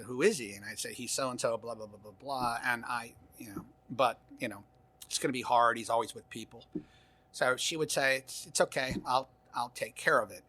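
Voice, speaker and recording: Older man, bright voice, casual interview storytelling, rambling. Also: mid-range voice. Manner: rambling anecdotes with frequent restarts and laughs. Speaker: guest, former intelligence officer.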